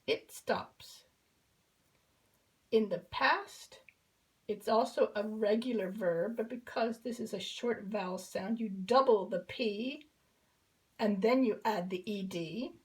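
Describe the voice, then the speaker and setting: Brief: female teacher, slightly high voice, unhurried, patient children's lesson tone. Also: rough recording. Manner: patient, repeats each verb form in drills. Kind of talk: slow classroom explanation.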